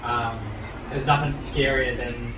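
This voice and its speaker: A man's voice: medium pitch, level tone, unhurried. A man hosting a casual interview, mostly giving short agreements and sharing brief thoughts. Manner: affirming, frequent short agreement. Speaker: host and coach. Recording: roomy, distant mic, background noise.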